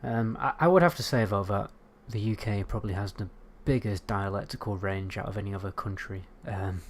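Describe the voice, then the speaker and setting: A British man from the United Kingdom streams a game, chatting casually, rambling and swearing while he answers chat. His voice is fairly low and fairly quick, with a slight hiss or hum in the recording.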